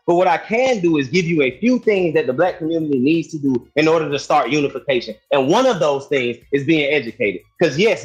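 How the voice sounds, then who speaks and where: A man's voice: on the high side, low-quality recording. A man in a heated online debate who talks over his opponent, insistent and sarcastic. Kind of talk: heated live-stream debate.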